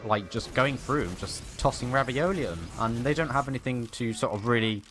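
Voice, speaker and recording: A man's voice: mid-range voice, brisk, a bit bright, soft background music. A man casting a live esports match, joking and teasing his co-caster between plays. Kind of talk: live game commentary.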